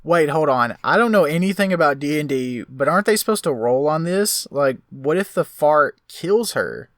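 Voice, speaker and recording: A man's voice: fairly high pitch, animated, moderate pace, fairly bright tone, no echo, clean studio sound. A man making sarcastic, wisecracking comments while reacting to a video of a tabletop game.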